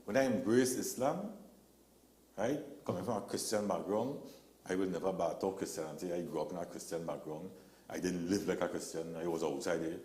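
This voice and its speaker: A man's voice: low-pitched, fairly quick, echoey room. A man, a guest telling stories in a casual talk show, acting out the people he quotes. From Trinidad and Tobago. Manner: animated storyteller, acts out quotes.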